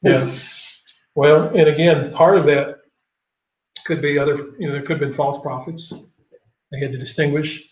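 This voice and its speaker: A man with a somewhat high voice leads a Bible class in an echoey room. He reads scripture aloud and then asks the class questions. The recording is dull and lo-fi. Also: fairly even intonation, moderate pace, long pauses.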